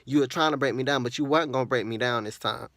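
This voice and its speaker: A man talks straight to camera in a personal vlog, earnest and repetitive as he vents about a friend. His voice sits at an ordinary middle pitch. The sound is close and dry with no room around it. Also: fast talker, vocal fry, fairly bright tone, no room sound. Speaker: vlogger.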